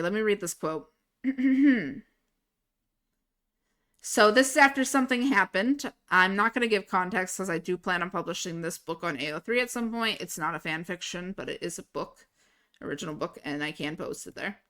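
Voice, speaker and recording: Young woman streamer, chatty and excitable, quick to swear and laugh; bright, forward voice. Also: fairly high pitch. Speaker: livestreamer. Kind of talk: casual chat.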